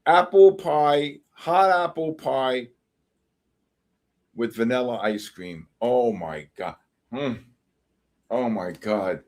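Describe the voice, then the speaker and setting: A man's voice: on the low side, darkish tone. A middle-aged man hosting a livestream, chatting casually and reacting to comments with joking exasperation. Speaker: livestream host. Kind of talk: casual chat reading live comments.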